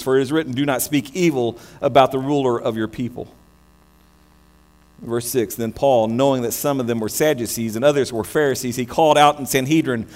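An American man preaching a sermon, animated, often restarting his words mid-phrase. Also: medium pitch. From United States. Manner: animated, many restarts and stammers. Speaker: pastor. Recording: long hall reverb with mains hum.

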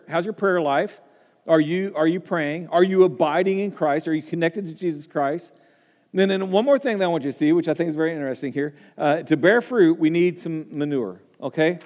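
A high-voiced man preaches a sermon to his congregation, emphatic and prone to repeating words as he builds his points. His voice rings with the long reverb of a church hall. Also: darkish tone. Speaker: pastor.

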